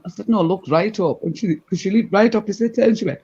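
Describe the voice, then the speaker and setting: A woman telling a gossipy anecdote in a casual chat, animated and full of asides. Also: medium pitch, fast, breathy edge. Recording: dull lo-fi recording.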